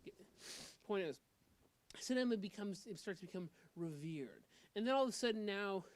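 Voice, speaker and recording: A man's voice: sits high, animated, moderate pace, no room sound. A young man co-hosting a casual podcast chat, talking emphatically, swearing casually and cutting in to make his point. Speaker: podcast co-host.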